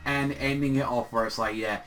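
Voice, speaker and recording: A man's voice: mid-range voice, steady tone, a little fast, fairly bright tone, rough recording. A man casually reviewing a manga chapter, rambling with lots of fillers and plenty of swearing.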